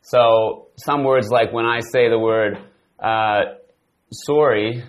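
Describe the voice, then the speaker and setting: A man with a Canadian accent talks in an easygoing way while co-hosting an English lesson, working through a relaxed conversation game. His pitch is in a middle range, and he often pauses to think before going on.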